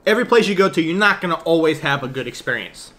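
A man's voice: on the high side, expressive, fast talker, fairly bright tone. A man co-hosting an eating show, chatting casually and teasing as he eats. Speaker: mukbang co-host. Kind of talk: casual chat while eating.

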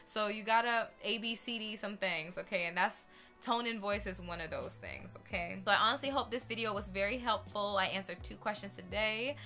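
Woman chatting about dog training, super animated, bright voice. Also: medium pitch, brisk, soft background music. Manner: animated, expressive talker. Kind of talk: casual advice vlog.

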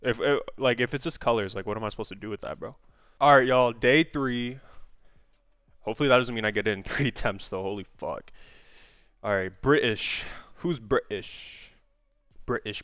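A young man casually vlogging a daily guessing game, thinking aloud, excitable and swearing freely. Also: medium pitch, moderate pace, pauses often, dry recording, soft background music. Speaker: gaming content creator. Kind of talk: casual gaming vlog commentary. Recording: dry, slightly muffled home mic.

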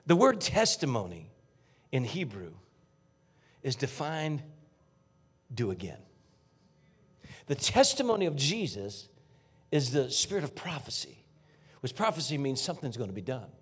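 A man preaching a fervent sermon as a guest pastor in a church, talking folksy and straight to the congregation, dropping to hushed whispers and rising to near shouts. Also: mid-range voice, big pitch swings, measured pace, long pauses, husky. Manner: folksy, addresses congregation directly. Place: church sanctuary.

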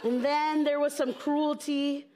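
A woman comedian from the American South tells playful stories to a live audience on stage. Her voice sits high and she takes her time. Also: level tone, slow pace, mellow, slight background noise. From southern United States. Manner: playful, storytelling with jokes. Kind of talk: stand-up talk on stage.

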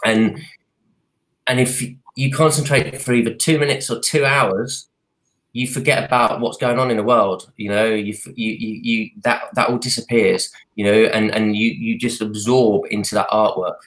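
Cockney male artist, low voice, earnest and halting, home computer mic. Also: steady tone, fairly bright tone. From United Kingdom. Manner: earnest, halting, many restarts and fillers. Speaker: artist and advocate. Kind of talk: live video call interview. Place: apartment at home. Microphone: video call from home computer.

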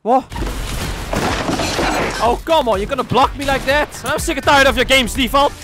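A young man giving excitable, trash-talking commentary over his own gameplay as a streamer. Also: very high voice, moderate pace. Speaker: gaming streamer. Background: game music.

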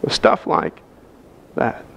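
A man's voice: takes it slowly, slight background noise. A man preaching a sermon as pastor, telling a story and acting out the dialogue. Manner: animated storyteller, acts out quoted dialogue. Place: church sanctuary.

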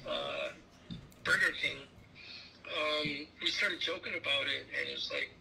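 A man as a guest in a casual interview, telling stories in a rambling, animated way. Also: fairly high pitch, a little slow, gravelly, slight background noise, poor audio.

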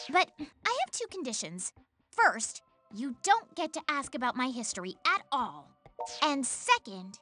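A woman voicing a cool, scheming young idol in a video game, who talks in a teasing, condescending, measured way. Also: high voice, bright, forceful tone, exaggerated voice.

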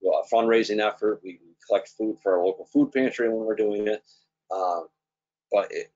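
A man on a school transportation panel speaking earnestly, with many pauses and fillers, over a video call. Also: on the low side, darkish tone, breathy edge. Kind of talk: casual panel talk. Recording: dull lo-fi video call audio.

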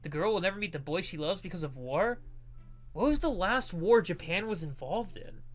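A man's voice: high voice, expressive, normal speed, a bit bright. A young man reading a visual novel aloud and wandering into joking, rambling tangents. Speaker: let's play reader and commentator.

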